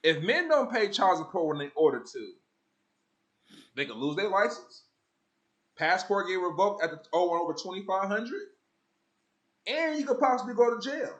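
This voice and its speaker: A man with a high, lively voice hosts a casual podcast. His tone is bright and forceful, and he talks in a slangy, profane, storytelling way with frequent asides to his co-hosts. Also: normal speed, long pauses. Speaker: podcast host.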